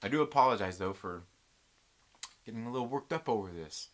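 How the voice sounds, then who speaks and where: Here a YouTube pop-culture reviewer talks briskly in a mid-range voice, ranting casually with lots of swearing, jokes and animated energy, plus plenty of "dude" and "bro".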